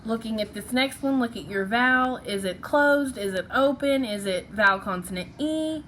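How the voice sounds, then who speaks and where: A woman's voice: fairly high pitch, expressive, moderate pace, fairly bright tone, a little hiss or hum. A woman teaching a phonics lesson, patiently sounding out syllables and letters one by one.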